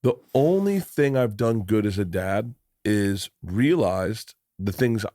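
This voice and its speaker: A middle-aged man hosts a podcast in a casual chat, telling stories in a rambling way full of restarts and plenty of swearing. His voice is lowish, warm, and lively in intonation, and he takes his time. The recording is dry and studio-quality.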